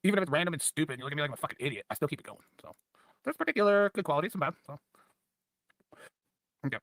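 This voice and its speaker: A man's voice: a little high, animated, very fast, fairly bright tone, no room sound, studio quality. A man streaming, rambling loosely and profanely while a bit drunk. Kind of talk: rambling casual stream chat.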